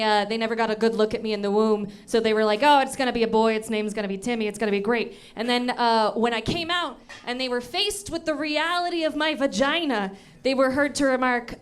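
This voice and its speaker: A woman's voice: on the high side, a bit bright, clear, resonant tone. A woman in her thirties doing a stand-up comedy set in a comedy club, telling self-mocking stories playfully into a handheld mic. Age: 30s.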